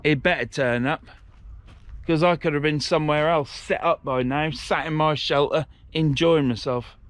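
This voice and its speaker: A man's voice: a little high, moderate pace, fairly bright tone. A middle-aged man, filming a casual outdoor vlog by a riverside shore on a handheld camera, talking in a blunt, grumbling way and swearing freely. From England. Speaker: fishing vlogger.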